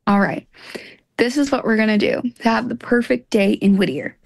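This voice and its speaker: Upbeat woman with a gravelly edge. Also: fairly high pitch, normal speed, no room sound. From Louisiana. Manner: enthusiastic, upbeat tour-guide planning. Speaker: interview guest. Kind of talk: casual radio interview.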